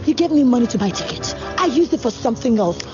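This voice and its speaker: A woman acting a brash young woman who dodges a debt, loud and mocking, in a comedy skit. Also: on the high side, animated, fast talker, natural voice. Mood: defiant, mocking. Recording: dull clip with music. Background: music.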